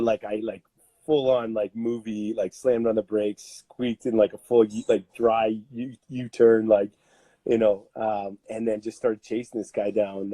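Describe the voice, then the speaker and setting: Animated Canadian man telling stories. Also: fairly low pitch, no room sound. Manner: animated, laughing, full of fillers. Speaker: podcast guest, strength coach. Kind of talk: casual storytelling.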